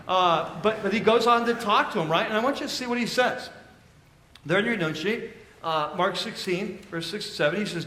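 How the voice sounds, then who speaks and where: Animated man preaching in an echoey church. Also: sits high, normal speed. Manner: conversational, animated storytelling with sudden drops to hushed emphasis. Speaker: pastor. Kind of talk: sermon. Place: church auditorium.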